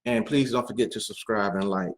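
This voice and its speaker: A man's voice: on the low side, fairly even intonation, brisk. A man hosting a talk radio show, making loose, unscripted announcements with frequent fillers.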